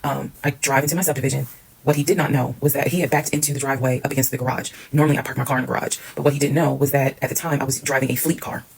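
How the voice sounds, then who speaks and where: A woman's voice: very deep voice, steady tone, rapid-fire, gravelly, breathy edge, low-quality recording. A woman telling a personal story in a casual storytime monologue, candid and emphatic, swearing freely.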